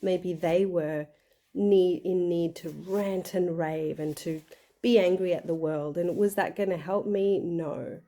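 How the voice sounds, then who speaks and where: A woman's voice: fairly low pitch, steady tone, a little slow, dark tone. A young woman, talking casually and earnestly to her viewers, with many fillers. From Australia. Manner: chatty and earnest, many fillers, acts out quoted voices. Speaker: vlogger. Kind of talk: casual personal talk to camera.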